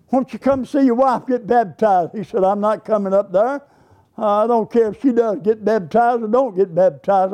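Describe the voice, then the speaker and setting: Older man, Baptist preacher, storytelling sermon, high-pitched, warm tone. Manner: folksy, acts out both sides of a dialogue.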